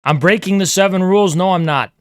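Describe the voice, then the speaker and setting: Male streamer, aggressive, profane, lecturing chat, smooth clear voice, dry close mic. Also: high-pitched, quick pace, dry recording. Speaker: livestreamer. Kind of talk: heated livestream rant to chat.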